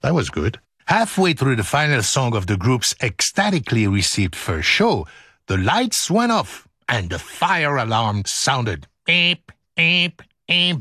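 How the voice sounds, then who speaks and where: A man's voice: mid-range voice, no room sound, studio quality. A man hosting a radio music show, joking through outtakes and telling stories with lots of laughter. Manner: jokey, animated, laughing often. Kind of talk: playful outtakes and storytelling.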